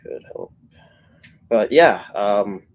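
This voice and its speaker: A man's voice: on the low side, animated, drawn-out words, highs cut off. A man hosting a casual live-streamed sports show, talking in long, rambling runs with many filler words and frequent self-corrections. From Canada.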